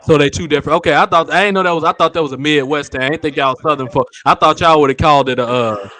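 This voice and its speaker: A man's voice: a little high, rapid-fire, sharp tone. Joking man teasing his co-hosts. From western United States. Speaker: host. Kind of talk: casual chat.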